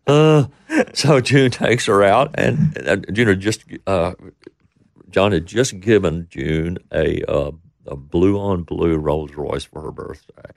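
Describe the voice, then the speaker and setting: A man's voice: low-pitched, takes it slowly, gravelly, no echo, studio quality. A middle-aged man telling a rambling story in casual talk, acting out the voices of the people he quotes. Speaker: interview guest.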